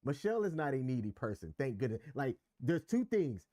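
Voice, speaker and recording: This man co-hosts a relationship podcast, speaking candidly and emphatically as he lays out his views at length in casual chat. His medium-pitched voice swings widely in pitch, runs a little fast, and sounds warm, recorded at studio quality with no echo.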